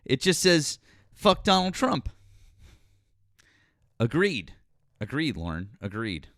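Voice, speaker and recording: A man's voice: mid-range voice, huge pitch swings, slow, creaky, dry recording, clean studio sound. A man hosting a political livestream, thanking donors one by one, then turning blunt and profane with a caller. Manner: grateful shout-outs, blunt and profane when arguing. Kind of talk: casual livestream chat.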